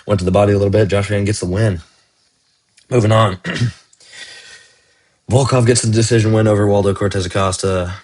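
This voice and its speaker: A deep-voiced man talks through fight results in a loose, casual vlog. He is excitable and slangy, and he keeps dropping "man" and "bro" as he goes. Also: normal speed, pauses often. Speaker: fight commentary YouTuber.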